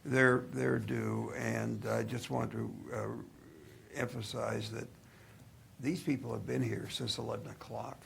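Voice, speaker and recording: A man's voice: medium pitch, animated, measured pace, vocal fry, a bit bright, slight background noise. A male attorney addressing commissioners at a public hearing, hesitant and polite, with many fillers. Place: hearing room.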